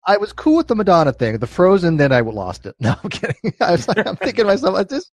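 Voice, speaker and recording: A man's voice: high-pitched, huge pitch swings, quick pace, no echo. A man hosting a live chat stream, joking, laughing often and pushing his voice up when he gets worked up. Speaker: host reading super chats. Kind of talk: casual livestream chat.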